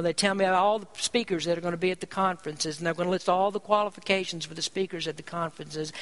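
High, bright-voiced man preaching. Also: rough recording. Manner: emphatic preaching, rhetorical questions. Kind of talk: sermon.

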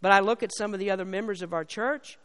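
A man preaching a sermon as pastor, slowing down and raising his voice on scripture and key lines, then dropping back low. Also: fairly bright tone, smooth. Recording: long hall reverb.

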